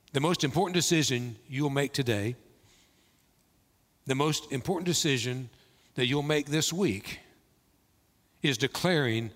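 A male pastor preaching a sermon in a church, slow and emphatic with dramatic pauses. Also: medium pitch. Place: church sanctuary. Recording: long reverb of a large hall.

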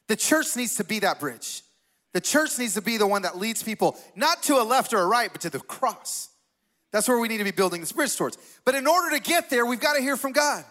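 Bright-voiced, animated storytelling preacher man. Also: very high-pitched. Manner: animated, conversational, asks the crowd questions. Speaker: pastor. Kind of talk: storytelling sermon.

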